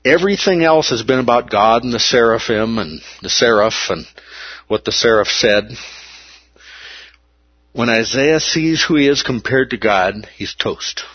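A man's voice: mid-range voice, animated, a little slow, slightly rough, no room sound, lo-fi sound. A man preaching a sermon, emphatic and repeating key words for weight.

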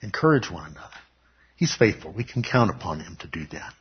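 A man with a low, husky voice delivers a sermon-style Bible lesson, pressing his points and answering his own questions. The recording is dull and lo-fi. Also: big pitch swings, fairly quick. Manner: emphatic, asks the room questions and answers them. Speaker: pastor teaching a Bible class.

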